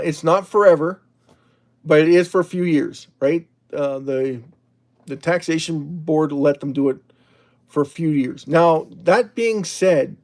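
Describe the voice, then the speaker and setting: A man's voice: fairly high pitch, darkish tone. A man hosting a casual livestream, rambling and chatty as he reads out the chat. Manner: rambling, chatty, with frequent restarts and laughs. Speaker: livestream host.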